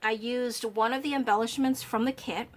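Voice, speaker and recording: A woman's voice: fairly high pitch, steady tone, normal speed. A woman hosting her craft channel, walking viewers through a handmade journal in a chatty, friendly way, talking around a cough drop. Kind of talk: casual craft walkthrough.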